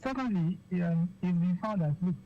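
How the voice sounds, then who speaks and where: A physician with a Nigerian English accent, a guest on a radio interview, explaining slowly with many fillers, okays and repeated words. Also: medium pitch, expressive, dark tone. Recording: dull lo-fi radio sound with faint noise.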